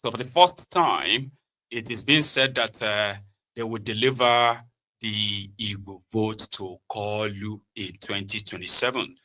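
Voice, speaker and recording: Bright-voiced man hosting a livestream. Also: on the low side, a little slow, poor audio. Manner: chatty, sardonic, asks viewers to check things. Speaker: host of online political broadcast. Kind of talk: casual political commentary.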